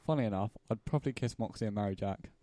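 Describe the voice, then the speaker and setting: A man appearing as a podcast guest, talking casually in a halting way with dry humour. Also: lowish voice, mellow, no room sound. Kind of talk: casual chat.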